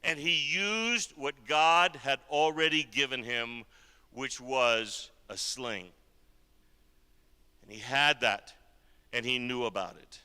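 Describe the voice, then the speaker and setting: A man preaching a sermon as a guest speaker, telling a story and swinging between hushed and emphatic delivery. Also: medium pitch, takes it slowly, smooth. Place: church hall. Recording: long reverb of a large church hall.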